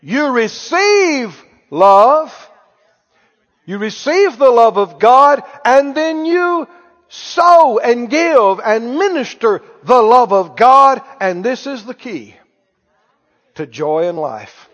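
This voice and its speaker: A man's voice: very high voice, sing-song, takes it slowly, fairly bright tone. A man preaching a sermon, calling out to the congregation for responses. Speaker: pastor. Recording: muffled church hall recording.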